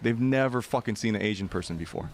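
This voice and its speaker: A man's voice: lowish voice, quick pace. A man in his forties telling a long adventure story, acting out other people's voices with lots of fillers. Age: 40s. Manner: acts out voices in quotes, many fillers. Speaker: podcast guest. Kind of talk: animated storytelling.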